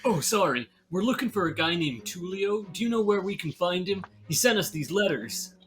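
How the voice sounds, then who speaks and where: High, lively, naive-sounding man. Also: normal speed. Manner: earnest, naive and dim-witted in character. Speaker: player. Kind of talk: in-character tabletop role-play.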